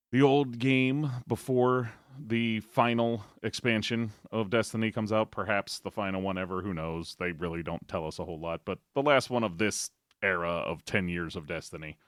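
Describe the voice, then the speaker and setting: A man chats as a podcast guest in an easygoing way, letting sentences trail off. His voice is on the low side. The recording is dry. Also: normal speed, smooth, dry recording. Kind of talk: casual chat.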